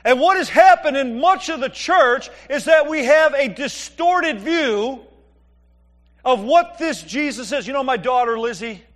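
High-voiced joking preacher man. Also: lively intonation, measured pace, fairly bright tone, faint music behind. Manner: conversational, joking storytelling with Bible reading. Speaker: pastor. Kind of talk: sermon.

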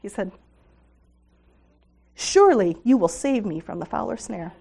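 Her mid-range voice is gravelly and dark with a breathy edge, swinging widely in pitch at a slightly quick pace. The middle-aged speaker earnestly reads scripture to a women's gathering and laughs with the audience.

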